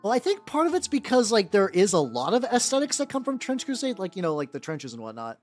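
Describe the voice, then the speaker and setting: A man chatting casually with his viewers on a livestream, talking in halting, rambling runs full of restarts and fillers. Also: high voice, wildly swooping pitch, a little mellow. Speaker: streamer painting miniatures. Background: faint background music.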